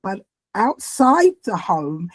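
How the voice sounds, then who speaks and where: A woman interviewing a guest, gently probing and summing up the guest's story back to her. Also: medium pitch, sing-song, slow pace, husky. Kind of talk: conversational interview.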